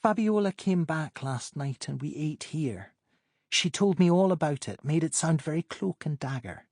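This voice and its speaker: A woman's voice: low-pitched, lively intonation, moderate pace, a little mellow, no echo, studio quality, voice pushed up. A man voicing a woman on the phone who teases in a lightly amused way. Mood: teasing. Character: warm teasing woman on the phone.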